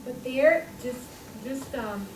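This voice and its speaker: Halting woman, Spanish accent, echoey room. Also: sits high, darkish tone. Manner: halting, searching for words. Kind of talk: casual group discussion. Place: school meeting room. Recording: distant, echoey, noisy room.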